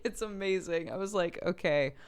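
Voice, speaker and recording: Low-voiced woman chatting casually. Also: a little slow, clean tone. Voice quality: chatty, laughs often, many "like" fillers. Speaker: streamer. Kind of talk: casual storytelling chat.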